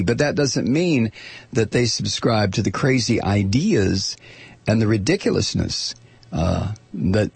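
A man's voice: fairly low pitch, creaky, a little mellow, slightly rough, no room sound. An older man hosting a talk radio show, rambling through his monologue with many restarts and repeated words. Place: radio studio.

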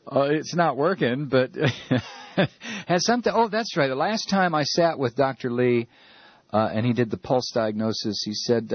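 A man's voice: medium pitch, lively intonation, unhurried, husky, no echo, highs cut off. A man hosting a talk radio show, ranting sarcastically and rambling with many fillers. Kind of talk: opinionated talk radio monologue.

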